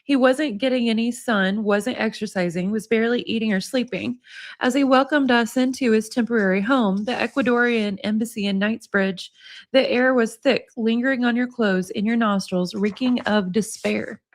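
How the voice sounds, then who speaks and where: A woman's voice: a little high, normal speed. A woman hosting a casual livestream, chatting with viewers and reading passages aloud from a book. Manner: chatty, laughs often, reads passages aloud. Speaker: livestream host.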